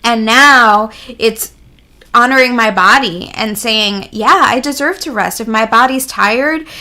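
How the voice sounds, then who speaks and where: A woman with a bright, slightly high voice talks openly about her own experiences as an interview guest. She is earnest and reflective, and she slips small laughs into her sentences. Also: measured pace. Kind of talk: candid personal storytelling.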